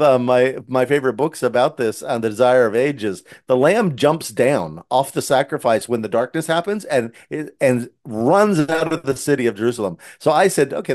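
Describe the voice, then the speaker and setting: A man's voice: medium pitch, a little mellow. A man who writes Christian children's books, earnestly retelling one of his stories in casual conversation with frequent restarts. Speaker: Christian children's book author. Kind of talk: casual storytelling.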